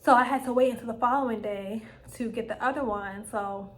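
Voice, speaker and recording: A young woman vlogger, telling a personal story to camera in a casual, animated way and acting out her own quoted lines. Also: a little high, fairly quick.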